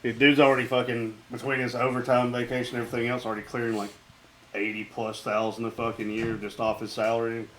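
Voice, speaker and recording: A man's voice: mid-range voice, flat delivery, fast talker, slight background noise, rough recording. A man telling blunt, profane stories about work in casual bar chat.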